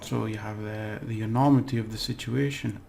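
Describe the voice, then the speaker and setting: A man giving a relaxed, chatty language lesson, slowly repeating words for practice and laughing at his own slips. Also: fairly low pitch, gravelly, a little hiss or hum. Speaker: language teacher. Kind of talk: casual spoken language lesson.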